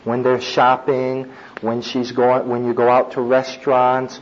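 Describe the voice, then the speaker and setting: Speaking a little slowly in a mid-range voice with a completely flat delivery, a middle-aged preacher gives a conversational talk on child discipline, full of asides and laughs. The audio has its highs cut off and a slight hiss or hum.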